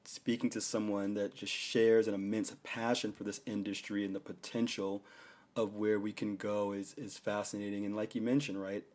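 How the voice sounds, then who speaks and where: A man hosting a casual podcast interview, warmly affirming his guest and asking long, winding questions. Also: on the low side, little pitch movement, normal speed. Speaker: podcast host.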